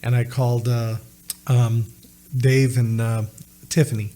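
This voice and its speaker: A man's voice: mid-range voice, flat delivery, unhurried, dark tone. A man, telling a personal story as a podcast guest, earnestly retelling conversations. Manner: earnest, retells dialogue with many "he said" asides.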